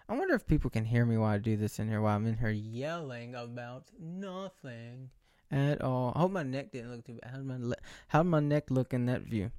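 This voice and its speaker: A man's voice: mid-range voice, expressive, quick pace, a little mellow, dry recording. Late 20s guy rambling at the camera, jokey and self-mocking, dead dry sound. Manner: joking, self-mocking, rambling with frequent restarts. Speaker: vlogger. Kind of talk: casual rambling monologue. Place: indoors under bright lights.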